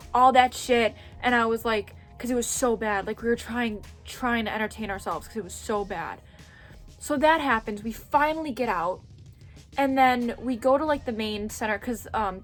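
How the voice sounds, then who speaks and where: A chatty young woman with a fairly high voice tells a story straight to camera, animated and loose, swearing as she goes. She acts out what everyone said, and soft music plays faintly underneath. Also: normal speed. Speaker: vlogger. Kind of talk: casual storytelling.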